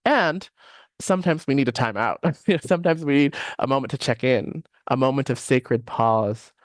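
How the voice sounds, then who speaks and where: A man's voice: medium pitch, normal speed, no room sound, studio quality. Reflective man teaching a workshop. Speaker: workshop presenter. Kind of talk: live online teaching session.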